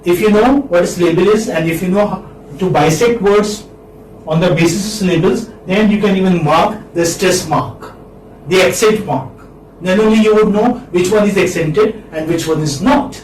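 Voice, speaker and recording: A man with an Indian accent teaching a phonetics class, repeating each word slowly and checking in with a questioning "hmm?". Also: high voice, a little mellow. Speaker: English literature lecturer. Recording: echoey room, distant mic, faint hiss.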